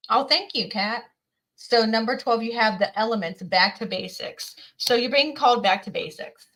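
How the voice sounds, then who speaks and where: A woman's voice: on the high side, moderate pace, a bit bright, rough recording. Chatty, folksy woman tarot reader. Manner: chatty, folksy, drawls and exclaims. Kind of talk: casual tarot reading livestream.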